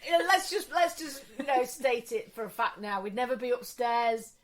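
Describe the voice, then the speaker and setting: A middle-aged woman co-hosting a podcast, chatting expressively and reacting loudly to her friend's stories. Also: fairly high pitch, moderate pace. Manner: expressive, reacts loudly, mimics posh voices. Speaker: podcast co-host. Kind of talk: casual chat.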